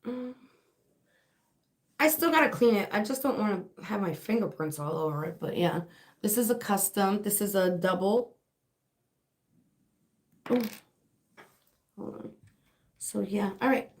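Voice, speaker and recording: A woman's voice: mid-range voice, expressive, a little slow, pauses often. Chatty woman with a sore throat. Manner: chatty and rambling, with frequent fillers and laughs. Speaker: live spiritual reader and online shop owner. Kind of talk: casual livestream chat.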